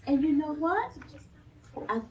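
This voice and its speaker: Librarian, woman, story time voice: slow, lively sing-song pitch, distant lo-fi mic. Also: noisy background. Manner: animated, sing-song, talking to small children. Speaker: children's librarian. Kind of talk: reading a picture book aloud to children. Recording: distant, dull lo-fi sound.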